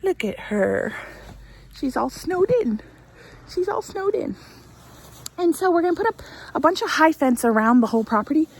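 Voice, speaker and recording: A woman's voice: a little high, a little mellow. A woman in her thirties vlogging casually from her snowy homestead, rambling and self-deprecating, with a cold. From Central Oregon. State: has a cold, out of breath from trudging through snow. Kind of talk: casual vlog narration. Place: outdoors on a snowy homestead and greenhouse.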